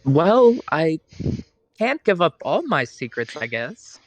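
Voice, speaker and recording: A man's voice: fairly high pitch, very animated, slow, no echo, voice pushed up, heavily acted. A man voicing a polite, modest young rogue who speaks hesitantly. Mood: coy.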